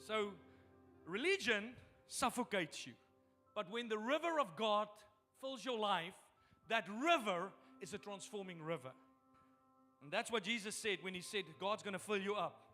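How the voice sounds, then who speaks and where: High, bright-voiced preaching pastor. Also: male voice, in a large hall. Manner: preaches with rising intensity, repeats phrases for emphasis. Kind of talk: sermon. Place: church sanctuary.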